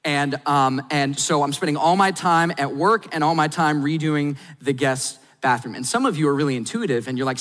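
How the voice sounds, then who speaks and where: A middle-aged man, a pastor, preaching a sermon and telling a personal story candidly, going quiet and soft at sad points and rising to urge his listeners. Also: on the high side, lively intonation, normal speed. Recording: long hall reverb.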